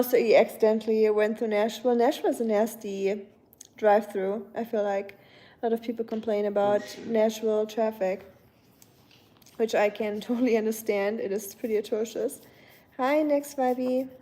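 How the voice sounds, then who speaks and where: A young woman hosting a relaxed live stream from her home. Her voice sits a little high but stays flat and mellow. She talks in a loose, rambling way, full of fillers and quick self-corrections. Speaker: livestream host. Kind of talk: casual live-stream chat.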